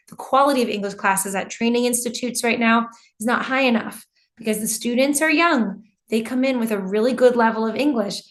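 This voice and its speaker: A middle-aged American woman teaching an online English class from home, lively and quick to laugh as she talks. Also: a little high. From United States. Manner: lively, laughs often, apologetic. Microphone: computer mic on a video call.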